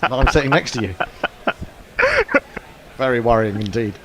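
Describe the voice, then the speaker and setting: A man's voice: medium pitch, moderate pace, noisy background. A man co-commentating on cricket, reading listener messages aloud and laughing a lot. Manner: laughs often, reads tweets aloud. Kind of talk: casual commentary chat.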